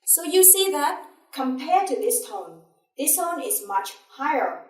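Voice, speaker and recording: A woman teacher with a Vietnamese accent, slowly explaining and demonstrating tones syllable by syllable. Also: high voice, very animated. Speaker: language teacher. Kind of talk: slow, deliberate language lesson. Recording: echoey room, a bit far from mic.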